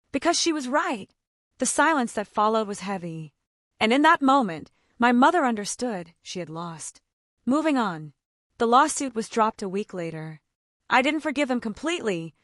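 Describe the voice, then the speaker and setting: Woman storyteller, dramatic first-person narration, measured, dry close sound. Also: a little high, no echo.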